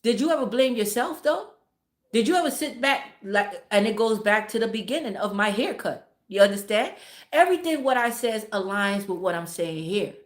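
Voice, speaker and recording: A woman's voice: mid-range voice, lively intonation, moderate pace, echoey room. Blunt, profane woman livestreamer. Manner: blunt, heavily profane, emphatic and preachy; repeats words for emphasis. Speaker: livestream host talking to viewers. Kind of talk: casual livestream advice talk.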